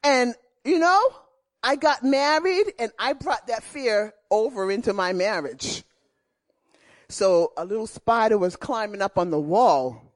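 Animated woman preaching a slow sermon. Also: on the high side. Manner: animated storytelling, repeats key phrases. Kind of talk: sermon with personal testimony.

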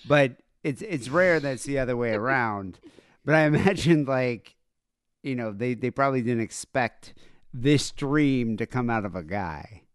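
A man's voice: medium pitch, lively intonation, unhurried, clean tone, no room sound, studio quality. A man co-hosting a podcast, crude and teasing in casual comedic banter. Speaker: podcast co-host.

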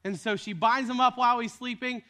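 A man's voice: extremely high pitch, steady tone, brisk, bright, forceful tone. A man preaching a sermon as a retold story, casual in tone with joking asides.

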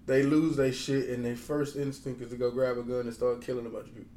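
A man's voice: mid-range voice, flat delivery, fast, warm tone. A man talking bluntly in a casual chat, swearing freely and rambling with restarts. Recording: roomy echo, faint background noise.

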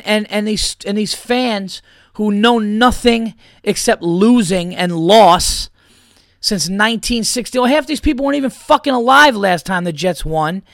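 Heated gravelly podcast man. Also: high-pitched, fairly bright tone, no echo, studio quality. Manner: heated, profane, repeats himself. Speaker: podcast host. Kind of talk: opinionated sports rant.

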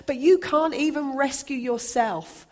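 A woman's voice: high-pitched, unhurried, pitched above the performer's own voice. A jeering mob, as a woman reader puts it on. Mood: taunting. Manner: loud, raised and taunting. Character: jeering crowd of men mocking a prisoner.

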